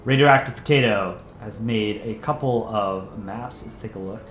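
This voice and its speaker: A man's voice: fairly low pitch, moderate pace, a bit bright, a little hiss or hum. A man hosting a livestream, casually chatting and joking through viewer messages in a rambling, self-deprecating way. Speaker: livestream host and channel voice actor. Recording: roomy echo, faint ambience.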